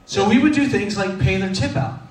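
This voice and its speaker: High-voiced man telling funny stories. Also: fairly quick. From Texas. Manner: humorous, self-deprecating, many fillers. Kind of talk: conversational sermon storytelling. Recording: echoey room, distant mic.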